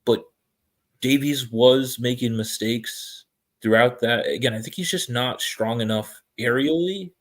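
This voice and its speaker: A man joining a live fan stream as a guest, measured and analytical, hedging with fillers. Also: medium pitch.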